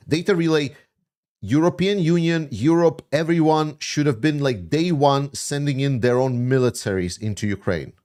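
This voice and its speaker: A man's voice: a little high, normal speed, darkish tone. A man hosting a livestream, answering viewer questions in a blunt, opinionated way with many fillers. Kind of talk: casual livestream chat.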